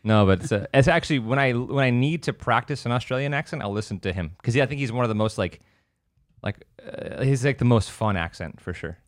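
A man's voice: mid-range voice, brisk, dry recording, studio quality. A man co-hosting a podcast in casual chat, joking and swearing, often stumbling and restarting his sentences. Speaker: podcast co-host.

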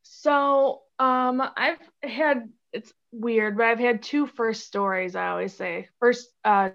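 Casual woman guest from the Chicago area, giggly and chatty, highish voice, muffled audio. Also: takes it slowly, creaky, a bit bright. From Chicago area, USA. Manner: chatty and giggly, full of "like" fillers. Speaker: podcast guest. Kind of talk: casual interview chat.

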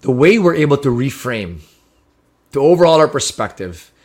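A man's voice: mid-range voice, sing-song, moderate pace, a little mellow. A man preaching a sermon, sharing a personal testimony in an earnest, heartfelt way with frequent restarts.

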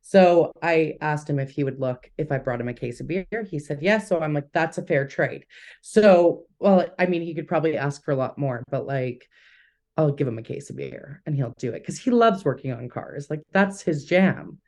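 A woman's voice: low-pitched, moderate pace, a little mellow. A woman co-hosting a podcast, telling candid, rambling stories in casual chat. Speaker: podcast co-host.

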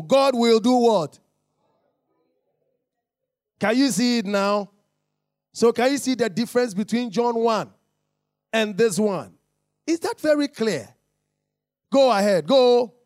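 Male pastor, high voice, slow and deliberate, call-and-response teaching style. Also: dry recording, studio quality. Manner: call-and-response, asking the listeners to repeat and confirm; reads scripture aloud in a slow, emphatic cadence. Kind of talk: interactive Bible teaching.

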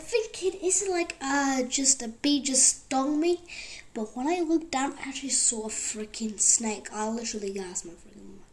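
A woman hosting a podcast, talking in a loose, rambling way with many fillers. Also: high voice. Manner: rambling, full of fillers like "like" and "actually". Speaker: podcast host. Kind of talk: rambling casual talk.

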